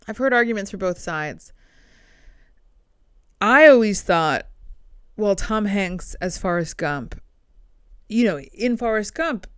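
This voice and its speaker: A woman's voice: mid-range voice, clean tone, no room sound. Irreverent woman comedian, dry sound. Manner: dark, irreverent joking with frequent laughs. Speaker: podcast host and comedian. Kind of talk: comedic monologue.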